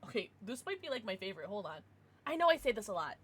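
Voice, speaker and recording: A woman's voice: medium pitch, big pitch swings, fast, fairly bright tone, slightly rough. A woman livestreaming, chatting casually with her viewers in a bubbly, giggly way with playful baby-talk asides.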